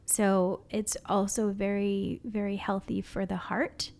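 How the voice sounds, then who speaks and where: A woman co-hosting a casual podcast, explaining herbs and her products, often dropping to a soft near-whisper. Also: medium pitch, flat delivery, slow pace, creaky. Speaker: podcast co-host, herbalist.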